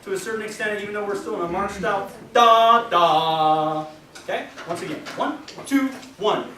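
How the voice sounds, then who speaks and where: A man directing a high school band rehearsal, scatting rhythms on nonsense syllables and counting the players in. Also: fast, recorded from a distance. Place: large band rehearsal room. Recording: echoey rehearsal room from afar with band music. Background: band playing.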